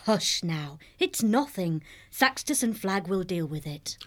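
A man's voice: extremely high pitch, very animated, measured pace, voice pushed up, exaggerated voice. A man voicing a patient, firm motherly female carer minding little ones. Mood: soothing. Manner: scolding gently, soothing.

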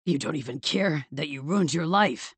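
A woman narrator voicing a scheming middle-aged father in an audiobook, with a calm, calculating delivery. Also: deep voice, normal speed, breathy edge, no room sound. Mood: bitter. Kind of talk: audiobook character voice.

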